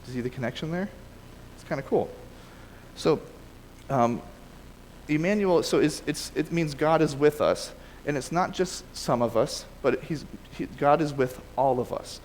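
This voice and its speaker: A man's voice: on the high side, moderate pace, long reverb tail, slight background noise, low-quality recording. A man preaching a casual sermon and reading scripture aloud, talking conversationally with frequent restarts and self-corrections. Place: church sanctuary.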